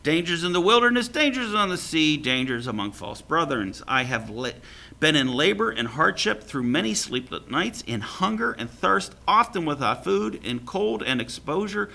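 A man preaching a sermon in a lively way, acting out scripture quotes with chuckles. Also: on the high side, moderate pace, gravelly. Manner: animated, acts out biblical quotes with laughs. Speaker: pastor.

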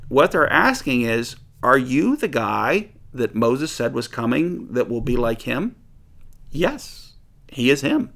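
Gravelly man teaching the Bible casually. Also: medium pitch. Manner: conversational, animated, chuckles often.

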